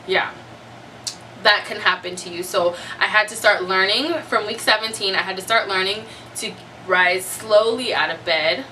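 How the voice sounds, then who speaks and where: Speaking at medium pitch and a moderate pace, a young vlogger chats casually to the camera with a bright, pushed tone, laughing a lot and acting out how she reacted. The mic is slightly far from her and picks up faint noise.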